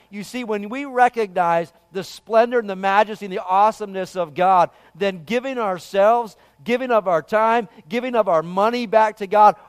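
A man preaching a sermon as pastor, building loud emphatic passages and then dropping to quiet, earnest reflection. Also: high voice, clear, resonant tone, in a large hall.

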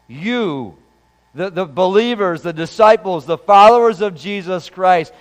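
A man preaching in a church with a fairly high, smooth and resonant voice. He keeps it conversational, putting questions to the congregation. His voice carries a long hall reverb from the sanctuary. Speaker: pastor. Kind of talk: sermon.

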